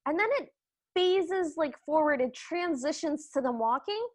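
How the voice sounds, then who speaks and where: A woman's voice: high-pitched, animated, unhurried. A woman co-hosting a podcast, recapping a film in casual chat with a wry, mocking tone. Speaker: podcast co-host.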